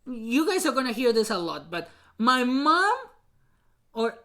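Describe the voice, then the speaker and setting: A woman hosting a podcast who tells a painful personal story, halting and repeating herself, with many fillers. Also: on the high side, very animated, fairly bright tone. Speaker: podcast host.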